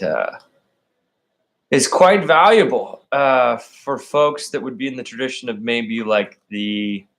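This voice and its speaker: A man's voice: lowish voice, a bit bright. A man vlogging in a meandering, stream-of-consciousness monologue, full of "like" and "um". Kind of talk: rambling solo monologue.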